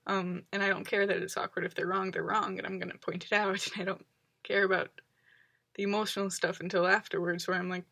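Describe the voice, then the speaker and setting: A woman vlogger talking casually to camera in a rambling, reflective way, often pausing with ums and likes. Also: medium pitch, level tone, vocal fry, bright, forceful tone, no room sound. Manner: reflective, analytical.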